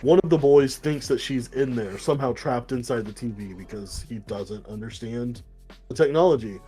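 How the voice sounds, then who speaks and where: A man chats casually on a podcast, retelling a comic issue in loose, run-on bursts. His voice is dark and mellow. Faint music plays beneath the talk. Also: medium pitch, breathy edge. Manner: rambling retelling with quick put-on voices and swearing. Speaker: podcast co-host. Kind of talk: casual comic book chat.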